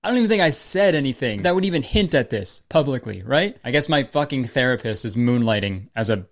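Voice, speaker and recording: A man's voice: medium pitch, animated, fairly quick. Sarcastic young man doing comedy commentary. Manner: sarcastic, rambling, swears freely. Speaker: comedy YouTuber.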